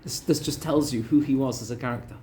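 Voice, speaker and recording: A man, a rabbi, telling a story in a lively Torah lesson, repeating words for emphasis. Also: mid-range voice, fast, a little hiss or hum. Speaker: rabbi teaching a weekly class.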